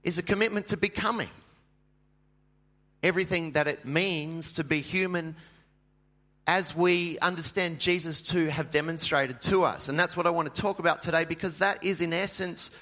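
A man's voice: fairly high pitch, moderate pace, pushed and bright. A male pastor giving a sermon in a church in a chatty, joking way, with many filler ums.

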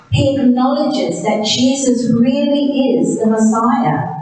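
A woman with a slightly high voice tells a Bible story slowly and deliberately, pausing after each short phrase. She sounds distant from the mic in a very echoey room. A faint hiss sits underneath her voice. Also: mellow. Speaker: narrator. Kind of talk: scripted Bible story narration.

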